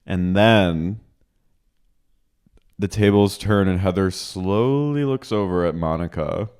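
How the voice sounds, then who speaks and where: A man's voice: low voice, slow, clean tone. A man co-hosting a podcast, casually recapping a reality show and acting out the quotes with animation. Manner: animated storyteller, acts out quotes. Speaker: podcast co-host.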